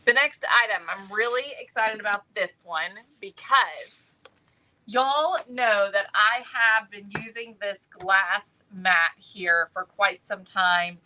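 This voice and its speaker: A woman's voice: mid-range voice, slow, pushed and bright, a little hiss or hum, poor audio. A middle-aged woman hosting a live craft-shop stream, chatting and answering viewer comments. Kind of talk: live-stream product showcase.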